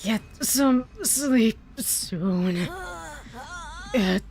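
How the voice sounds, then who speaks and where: A woman voicing an eerie, listless teenage girl who talks slowly in a lifeless, drawn-out sing-song. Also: fairly high pitch, darkish tone.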